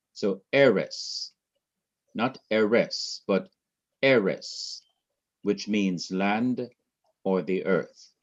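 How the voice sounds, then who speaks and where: A man teaching a Hebrew grammar class, explaining slowly and carefully with much repetition. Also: lowish voice, a little mellow. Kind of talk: recorded class lecture. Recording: dull lo-fi class recording.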